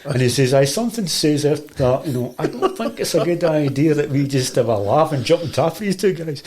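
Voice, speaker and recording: A man's voice: fairly high pitch, fairly quick. Chatty Glaswegian man telling stories. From Scotland. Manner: rambling, animated storytelling with many restarts and quoted dialogue. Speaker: guest, martial arts teacher. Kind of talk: casual storytelling.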